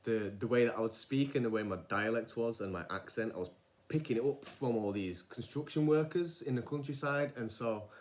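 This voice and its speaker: A man's voice: mid-range voice, brisk. A young man talking casually in a podcast-style monologue, rambling and often wandering off track. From England. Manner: rambling, digressive, many restarts and fillers. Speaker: vlogger.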